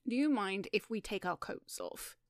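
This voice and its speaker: A woman voicing a breezy, sarcastic gentleman in an audiobook, calm and dry-witted. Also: medium pitch, moderate pace, no room sound. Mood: wry. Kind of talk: audiobook reading.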